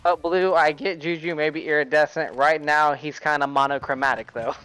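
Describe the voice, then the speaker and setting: A man with a Midwestern American accent co-casting an online shooter match, his voice sitting a little high. He banters, cracks puns and reads out chat between plays. Faint music plays under him. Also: fairly even intonation, brisk, sharp tone, clean tone. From United States. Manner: joking, chatty, reads chat aloud. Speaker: esports caster. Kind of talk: live game commentary with banter.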